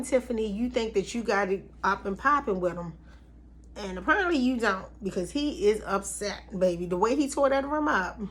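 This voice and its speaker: A woman's voice: fairly high pitch, a bit bright. A woman recapping a reality TV episode in a casual, chatty way, with slangy asides and frequent laughs. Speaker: TV recap vlogger.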